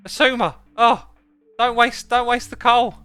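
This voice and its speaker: A man voicing a squeaky, excitable teenage boy gamer who shrilly scolds and panics. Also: measured pace, clean tone, faint music behind, heavily acted. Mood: shrill scolding.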